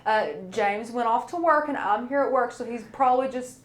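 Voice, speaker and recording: Young woman, high voice, bubbly, casual chat, roomy echo. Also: normal speed. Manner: bubbly and enthusiastic. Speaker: co-host of a crafting live stream.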